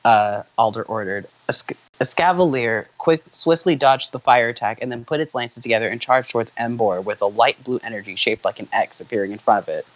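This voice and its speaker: A man's voice: on the low side, brisk, hardly any pauses, low-quality recording. A young man casually reading fanfiction aloud to friends, often stumbling over names and restarting lines. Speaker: fanfiction reader.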